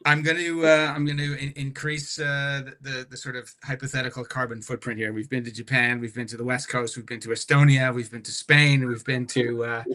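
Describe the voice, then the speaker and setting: Bright-voiced man telling a rambling story. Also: medium pitch, brisk, hardly any pauses. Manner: rambling, animated anecdotes with many restarts. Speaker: guest musician. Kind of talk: casual podcast storytelling.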